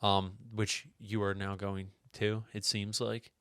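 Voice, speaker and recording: A young man in casual, profane podcast chat who rambles and slips into loud impressions of friends. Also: lowish voice, monotone, slow pace, smooth, dry recording, clean studio sound. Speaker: podcast co-host.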